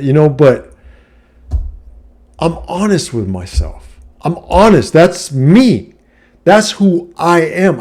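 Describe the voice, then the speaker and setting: A middle-aged man with a dark tone and a voice on the high side addresses the camera casually about his life. He hands out blunt advice, swears a lot, and nearly always follows a point with "you know what I mean."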